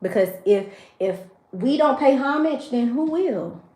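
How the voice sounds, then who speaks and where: A woman's voice: a little high, lively intonation, measured pace, warm tone, reverberant. A woman reading tarot for her viewers, emotional and preachy, addressing them directly. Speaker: tarot reader. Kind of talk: spiritual tarot livestream.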